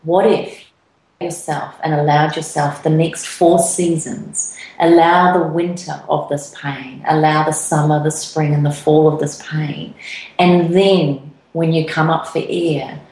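A woman hosting a reflective podcast conversation, telling stories in a warm way and repeating phrases as she gathers her thoughts. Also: low voice, steady tone, unhurried, roomy sound, rough recording. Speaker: podcast host.

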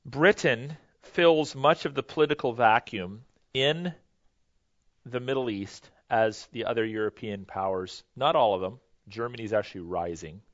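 A man teaching a history lesson in a loose, conversational way, pausing with fillers and correcting himself as he goes. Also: on the low side, no echo, highs cut off. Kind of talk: history lecture to a class.

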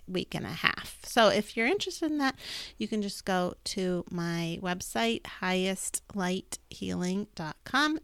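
A woman's voice: on the low side, gravelly, a bit bright, clear, resonant tone, dry recording. A woman co-hosting a podcast in casual, upbeat chat, laughing now and then. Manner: chatty, upbeat, laughs often. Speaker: podcast co-host, healer.

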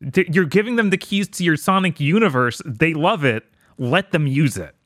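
A man's voice: on the high side, animated, moderate pace, fairly bright tone, no room sound, clean studio sound. A man chatting casually about video games on a podcast, laid-back and amused. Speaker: podcast co-host. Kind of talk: casual gaming podcast chat.

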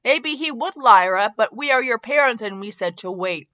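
Woman doing a coaxing, bossy young mum, bright voice, lo-fi sound. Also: a little high, expressive, moderate pace. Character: fussy young mother, firm but loving wife.

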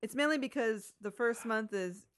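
A woman's voice: a little high, moderate pace. Chatty woman on a podcast. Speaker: podcast co-host. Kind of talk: casual chat among friends.

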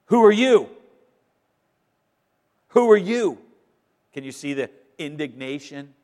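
A man preaching a sermon, emphatic, moving between loud declarations and quiet, conversational asides. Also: mid-range voice. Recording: long reverb of a large hall.

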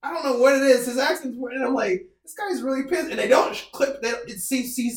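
A woman rambles through casual podcast chat, salty and quick to laugh. She slips into mocking voices for the people she talks about. The room around her rings with echo. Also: sits high. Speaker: podcast co-host. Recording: echoey room.

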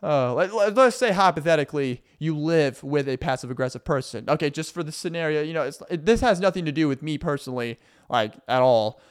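A man's voice: on the high side, animated, a little fast, few pauses, smooth. A young man from Arkansas in a casual, rambling vlog monologue, sarcastic and full of fillers. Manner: rambling, sarcastic, acts out mock voices of passive aggressive people. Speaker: vlogger.

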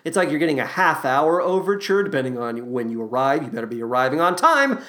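A man's voice: mid-range voice, big pitch swings, quick pace, sharp tone. A man hosting a podcast, giving a comedic review of a musical's songs in a sardonic, profane, enthusiastic way.

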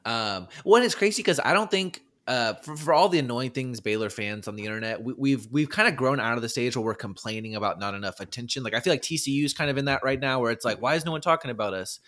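A man co-hosting a sports podcast, complaining wryly in relaxed casual chat. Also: mid-range voice, fast talker, hardly any pauses. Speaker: podcast co-host.

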